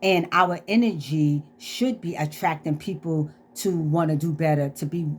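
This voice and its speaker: Lady vlogger with a lowish voice, earnest and preachy, telling a story. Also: moderate pace, breathy edge. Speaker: inspirational vlogger. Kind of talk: casual inspirational monologue.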